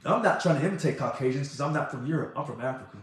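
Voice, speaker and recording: A man speaking as an organization president in an impassioned monologue, talking fast and loud when he gets excited. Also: medium pitch. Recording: very echoey room.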